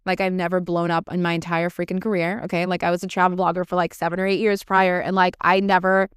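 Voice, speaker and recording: A woman's voice: on the low side, level tone, fast talker, smooth, dry recording, clean studio sound. A woman in her thirties hosting a solo podcast, talking in a blunt, emphatic way and swearing freely. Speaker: podcast host. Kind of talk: monologue podcast.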